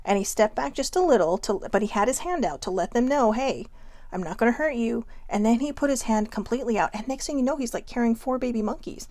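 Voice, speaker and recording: A woman's voice: a little high, animated, quick pace, hardly any pauses, darkish tone, no room sound. A woman hosting a casual motivational vlog, talking in a chatty, emphatic way and laughing often. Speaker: vlog host.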